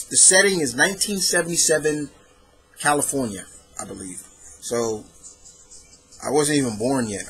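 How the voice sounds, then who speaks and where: A man's voice: medium pitch, a little hiss or hum. A young man talking casually on his own about comic books, rambling and correcting himself as he goes. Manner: rambling, animated, self-correcting. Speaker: comic book reviewer. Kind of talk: casual solo review talk.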